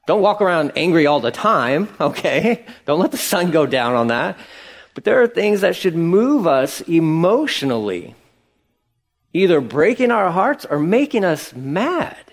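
A middle-aged man preaches with an emphatic, conversational delivery, his voice fairly high for a man. His pitch jumps up sharply when he drives a point home. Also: sing-song, unhurried. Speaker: pastor. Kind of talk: sermon.

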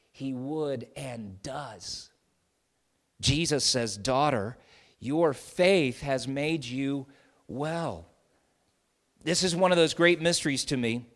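A middle-aged man preaching an expository sermon, dropping to soft, tender lows and rising to loud, emphatic peaks. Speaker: pastor.

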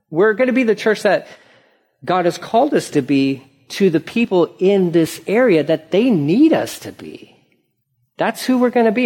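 A man preaching a casual expository sermon as pastor, conversational and animated, acting out the people in the story with laughs and asides. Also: fairly high pitch. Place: church sanctuary.

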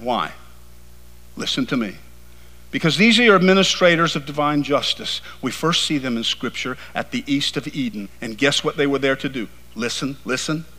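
A man preaching a sermon with passion, dropping to hushed tones and then building to emphatic, rising lines. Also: on the high side. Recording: long hall reverb.

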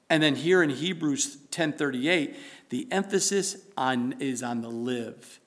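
A man's voice: mid-range voice, measured pace, fairly bright tone. A middle-aged man preaching a sermon as pastor, building emphasis through repetition and quotations from scripture.

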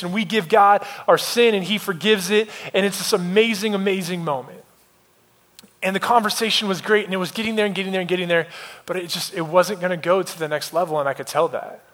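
A man preaching in a conversational, confessional way, telling a personal story and dropping almost to a whisper in the quiet moments. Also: a little high. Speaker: pastor. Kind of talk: sermon storytelling. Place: church.

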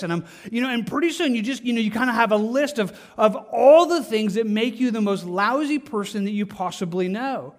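Middle-aged male pastor with a high-ish voice, earnest and chatty from the pulpit. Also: expressive, fairly quick, few pauses. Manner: earnest, conversational preaching with repetitions. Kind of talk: sermon.

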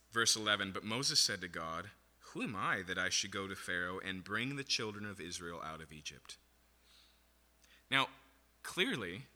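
A man's voice: on the low side, bright, forceful tone, in a large hall. A man preaching a sermon, teaching through a Bible passage and checking in with the room with "okay?" and "right?". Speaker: pastor.

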